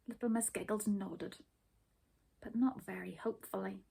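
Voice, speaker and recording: A woman reading a children's story aloud, gentle and expressive. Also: medium pitch, normal speed, gravelly, long pauses, slightly rough.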